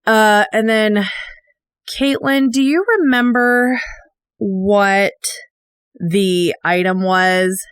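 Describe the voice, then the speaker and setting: A woman's voice: mid-range voice, fairly even intonation, drawn-out words, long pauses, clean tone, dry recording, clean studio sound. A woman chatting and laughing at a tabletop game, thinking aloud as she describes a card. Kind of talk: casual chat at the game table.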